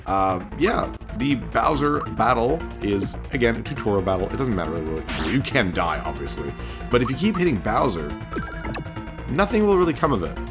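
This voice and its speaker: Let's-play host, male, low-ish voice, very animated and excitable. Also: brisk. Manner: excited, chatty, laughs often. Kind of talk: gameplay commentary. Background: game music.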